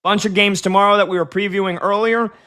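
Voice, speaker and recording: A man's voice: sits high, steady tone, quick pace, sharp tone, clear, resonant tone. A man hosting a sports radio show, chatty and joking with his crew. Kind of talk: casual sports talk.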